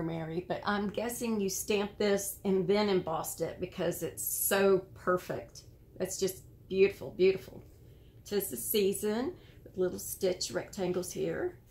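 An American woman hosting a casual show-and-tell of handmade cards, admiring and gentle, sometimes searching for words. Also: mid-range voice. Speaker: card-making channel host.

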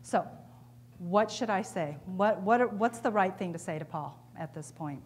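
A woman's voice: lowish voice, moderate pace, a little hiss or hum. A woman giving a conference keynote, talking in a conversational way and putting questions to the audience. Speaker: keynote speaker. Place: conference hall.

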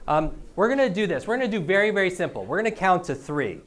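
Energetic man leading a motivational seminar. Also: high voice, fast. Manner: energetic, repeats key phrases, keeps asking "right?". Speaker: learning coach giving a seminar. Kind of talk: motivational live talk. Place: event room with a live audience.

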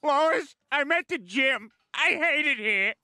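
An actor voicing an oafish, middle-aged cartoon dad who whines like a child. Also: male voice, extremely high pitch, lively intonation, slow pace, pushed and bright, exaggerated voice. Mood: whiny. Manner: whiny, childlike complaining. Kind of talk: cartoon voice acting.

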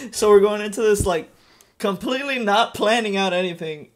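Fairly high-voiced young man, energetic. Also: moderate pace. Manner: energetic, loud, swearing banter. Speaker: gaming channel host. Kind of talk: casual gameplay commentary.

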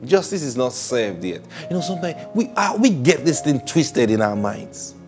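A man preaching a sermon, swinging between loud exclamations and hushed, slow asides, and acting out prayers and conversations. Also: mid-range voice, sing-song, over music. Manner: acts out prayers and conversations in changed voices.

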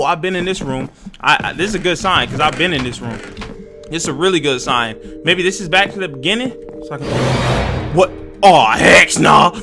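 A young man giving jumpy, excitable, slang-filled commentary while playing a horror game and talking to his viewers. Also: on the high side, moderate pace, over music. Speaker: gaming YouTuber.

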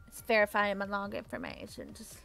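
A young adult woman chatting casually with viewers on a live stream, bubbly and giggly, thanking them effusively. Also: on the high side. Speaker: livestreamer.

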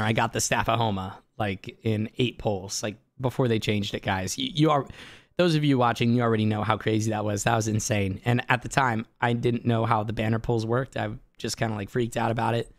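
A hoarse man, a voice actor, telling stories excitedly and laughing easily in a casual streaming chat. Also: mid-range voice, no echo, clean studio sound. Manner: excitable storyteller, quick to laugh. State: hoarse from an inflamed larynx.

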